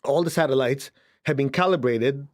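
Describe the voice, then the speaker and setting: Man, spiritual teacher, conversational talk, frequent check-ins, lively pitch jumps for emphasis. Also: normal speed. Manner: conversational, checks in with listeners often.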